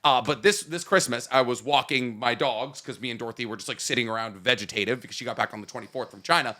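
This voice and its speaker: A man's voice: medium pitch, fast, sharp tone. A man co-hosting a podcast, rambling and joking in casual chat. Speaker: podcast co-host.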